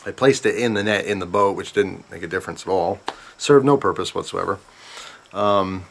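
A man vlogger casually telling a story, rambling and animated, with lots of asides to the viewers. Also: low voice, normal speed, vocal fry, a little hiss or hum.

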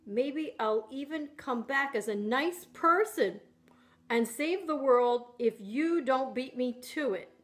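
A woman voicing a weary old male media tycoon, speaking low and quietly. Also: lively intonation, slow pace.

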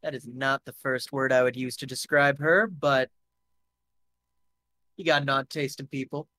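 A man playing a gruff, blunt male fixer who swears freely, in a live tabletop game. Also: medium pitch, steady tone, normal speed, bright, forceful tone, close to an everyday voice.

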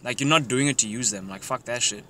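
A young man with a sharp, mid-range voice talks fast, laughing often as he gives casual, profane social advice while driving. Car and street noise come through clearly on the noisy interior recording.

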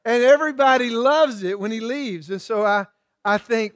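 A man from Georgia with a Southern accent, a guest preacher opening a sermon in a folksy, halting way with many fillers. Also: extremely high pitch, fairly bright tone, no room sound, clean studio sound.

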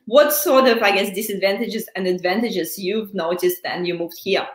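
A woman's voice: mid-range voice, normal speed. Woman, interview host, hesitant fillers, roomy echo. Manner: asks questions with hesitant fillers. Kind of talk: live interview.

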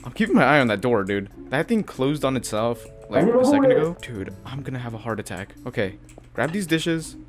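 Jumpy young man with a lively voice. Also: medium pitch, a little fast, over music. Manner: jumpy, excitable, swears a lot, says dude and bro. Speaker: gaming video creator. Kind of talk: horror game let's-play commentary. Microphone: headphones and desk mic.

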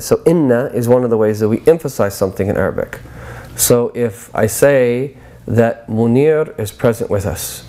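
A middle-aged man teaches scripture in a patient, explaining manner. His voice is mellow and warm, at an ordinary pitch. Now and then he breaks into quick chanted recitation of verses. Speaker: religious teacher. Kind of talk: lecture on scripture.

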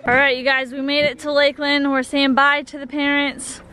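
A young woman chatting to camera for her travel vlog, bubbly and quick to laugh, filming from a car. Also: sits high, little pitch movement, bright, forceful tone, a little hiss or hum. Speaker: vlogger. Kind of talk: casual travel vlog chat. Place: in a car and outdoors at night.

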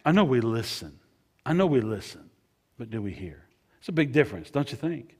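A man preaching a sermon as pastor, repeating phrases and swinging between loud emphasis and hushed lines. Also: medium pitch, sing-song, fairly quick, breathy edge.

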